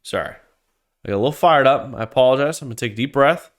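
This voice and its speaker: A man's voice: mid-range voice, rapid-fire. A man hosting a solo podcast rant, heated and profane, swearing freely and tripping over restarts as he gets worked up. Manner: restarts and repeats words when worked up. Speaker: podcast host.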